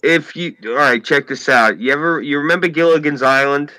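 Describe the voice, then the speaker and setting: Sharp-toned and on the high side, this New Yorker talks fairly quickly in a rambling podcast conversation, swearing often and leaning hard on "like." The low-quality recording has no echo.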